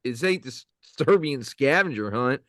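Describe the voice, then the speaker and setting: A man putting on a sassy Delco dude, hoarse. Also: mid-range voice, animated, normal speed, a bit bright, no echo, clean studio sound, lightly acted. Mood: sassy scolding. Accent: Delco, Philadelphia suburbs. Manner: sassy, exaggerated, scolding. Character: brash man with a put-on local accent.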